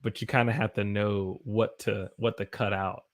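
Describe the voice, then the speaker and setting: Young American male teacher, casual live-stream chat, slightly gravelly voice, animated. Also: fairly low pitch, normal speed. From United States. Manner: chatty, animated, greets viewers by name.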